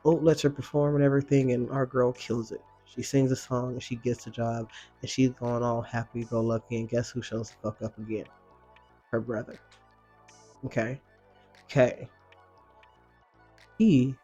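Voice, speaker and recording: A man walking through a show recap in easygoing, slang-heavy talk, cursing without a second thought. His voice sits at an ordinary middle pitch. Soft music plays faintly underneath. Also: measured pace, pauses often, breathy edge. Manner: slangy, expressive, swears freely. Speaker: reaction video host. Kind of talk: casual recap commentary.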